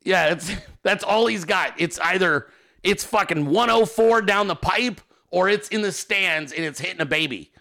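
A man hosting a podcast in casual, profane, joking chat, quick to laugh. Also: high-pitched, vocal fry, bright, forceful tone. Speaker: podcast host.

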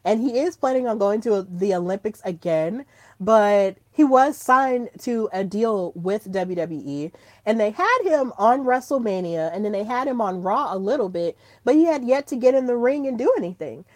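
A woman hosting her own podcast in casual solo chat, gushing and excitable, breaking into squeals when thrilled. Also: medium pitch, normal speed, no echo. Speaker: podcast host.

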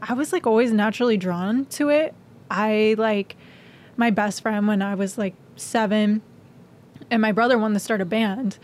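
A woman's voice: mid-range voice, moderate pace, a little mellow. A woman chatting as a guest drummer, bubbly, laughing often and using lots of "like". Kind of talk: casual chat.

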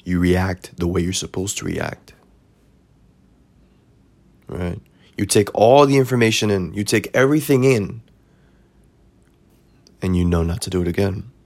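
A podcast host with a deep, darkish voice delivers a casual, preachy monologue of life advice, speaking unhurriedly and pausing often. He repeats himself and keeps checking in with "right?".

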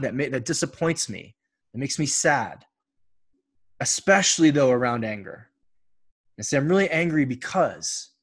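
A podcast host speaks alone to his audience of men in an earnest, coaching way. His voice is husky and sits at a middle pitch for a man. He swears now and then in a loose, casual manner. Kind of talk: solo podcast monologue.

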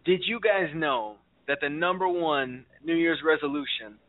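A man's voice: fairly high pitch, expressive, moderate pace, no echo. A man hosting a radio talk show in a casual, chatty way, laughing easily and quizzing his co-host. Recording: tinny phone-like sound.

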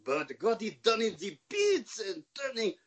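Exaggerated French racer guy, boastful, high and lively, put on by a man. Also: measured pace, heavily acted. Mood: playful boast. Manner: exaggerated, laughing through lines. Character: French-accented male amateur racer, boastful.

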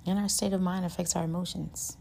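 A woman with a low, flat, gravelly voice that sounds husky and mellow. She hosts a self-help podcast in an earnest, casual monologue full of "like" and "you know". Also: a little fast, a little hiss or hum. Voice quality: says her voice is high-pitched and gets loud with passion. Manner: earnest, conversational, lots of fillers like "like" and "you know". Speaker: podcast host.

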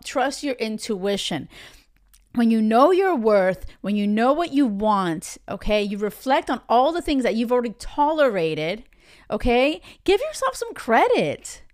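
Blunt, lively woman giving dating advice. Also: sits high. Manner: blunt, emphatic, swears freely, talks straight to listeners. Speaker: podcast host.

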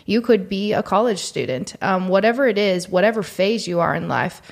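A woman co-hosting a faith-based podcast, earnest and encouraging, slowing down to guide listeners through deep breaths. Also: animated, vocal fry. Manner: earnest, encouraging, speaks slowly when leading prayerful moments. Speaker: podcast co-host.

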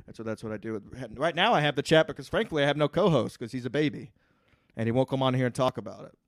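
A man hosting a podcast solo, reading the live chat and ranting with lots of swearing, swinging from muttering to yelling. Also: mid-range voice, expressive, brisk, dry recording, clean studio sound. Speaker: podcast host. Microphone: podcast microphone.

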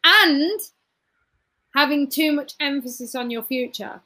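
A woman's voice: high-pitched, a little slow, background noise. A woman, a guest giving a motivational talk, repeating phrases emphatically and punching points with sound effects.

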